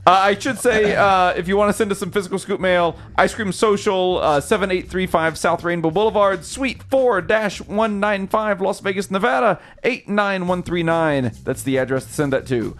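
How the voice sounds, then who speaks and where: A man's voice: high voice, normal speed, hardly any pauses, soft background music. A man co-hosting a podcast, reading listener mail aloud steadily with the odd "uh". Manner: steady, with filler "uh"s while reading. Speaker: podcast co-host.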